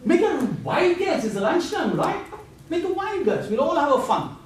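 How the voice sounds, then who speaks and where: Animated man quizzing a lecture class. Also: very high-pitched, normal speed. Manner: animated, quizzing students, laughing asides. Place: large echoey lecture room. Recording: echoey classroom from far off, faint hiss.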